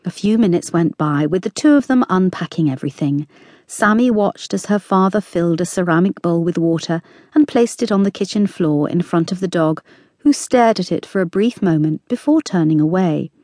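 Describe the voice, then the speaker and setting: A woman narrating a novel as an audiobook in an expressive storytelling manner. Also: lowish voice, normal speed, no room sound, clean studio sound.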